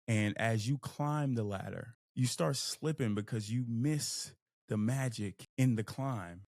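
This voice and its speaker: A young man from Texas, hosting a podcast and giving an emphatic, animated motivational talk. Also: medium pitch, normal speed, no echo, clean studio sound. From Fort Worth, Texas. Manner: animated, emphatic, acts out inner voices. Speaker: podcast host. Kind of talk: motivational monologue.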